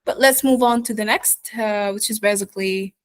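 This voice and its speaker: A woman teaching an online pronunciation lesson, speaking slowly with many fillers and checking in with "yeah?" and "okay?", her first language Arabic. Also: medium pitch, no echo. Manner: slow, many fillers, asks "yeah?" and "okay?" after points. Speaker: accent teacher.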